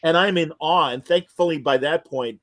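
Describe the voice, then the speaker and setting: A man hosting an interview podcast, telling stories in an animated, emotional, casual way. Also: a little high, moderate pace. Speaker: podcast host interviewing comic creators. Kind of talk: casual chat.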